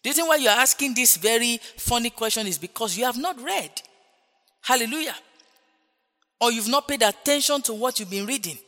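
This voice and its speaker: A man's voice: very high voice, animated, fairly quick, pushed and bright, long reverb tail. A man preaching a sermon, exhorting his hearers with rhetorical questions and frequent interjections of praise. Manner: emphatic, repeating refrains like "Praise God" and "Hallelujah".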